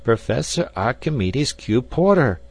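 A prim, fussy old scholar whose voice rises high and strains with offended dignity, as a man puts him on. His formal protests are pushed hard and loud, as in a spoken storybook. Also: lively intonation, moderate pace. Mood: indignant. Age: older. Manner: raised, strained and indignant. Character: indignant elderly male scholar, prim and fussy.

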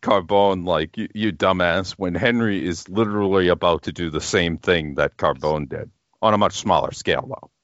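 Low-voiced man joking over a movie. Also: normal speed, dull audio. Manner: joking, chuckling, rambling. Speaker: podcast co-host. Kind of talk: casual film commentary.

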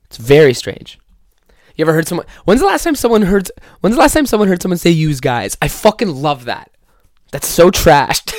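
A young male podcast host with a fairly high, sing-song voice talks a bit fast in a casual comic rant full of swearing and mocking impressions of those he quotes. There is no room sound, just clean studio audio.

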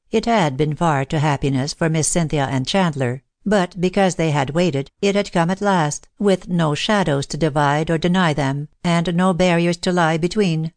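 Low-voiced woman reading an audiobook. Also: moderate pace, few pauses, no room sound. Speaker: audiobook narrator. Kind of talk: scripted narration.

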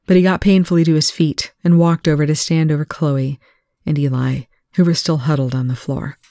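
A reader doing a proofreading read-aloud of a fiction chapter in a steady, plain narration, on a close home mic. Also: medium pitch, brisk, no room sound.

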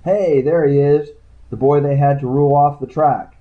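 A man voicing a loud, mocking male casino boss with a sharklike grin, over a tinny, phone-like recording. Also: on the high side, steady tone, normal speed, pitched above the performer's own voice, lightly acted. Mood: mocking glee. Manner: hearty, mocking greeting.

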